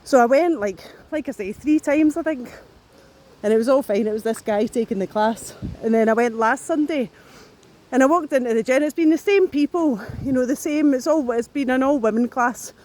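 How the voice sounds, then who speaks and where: Walking outdoors and out of breath, a woman vlogger rambles casually to her camera in a high, darkish voice at normal speed. She restarts often and swears plenty.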